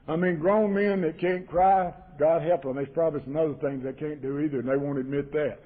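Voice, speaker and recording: A man's voice: a little high, steady tone, a little fast. Folksy Southern man on an old tape. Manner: folksy, emotional, acts out dialogue in his story. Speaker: AA speaker. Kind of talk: recovery talk with storytelling. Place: meeting hall. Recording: tinny 1980s cassette tape.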